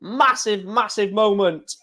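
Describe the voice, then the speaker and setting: A man giving casual live reaction commentary on a darts match, chatty and excitable, with hiccups. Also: sits high, slow pace. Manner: excitable, chatty, sings along with crowd chants.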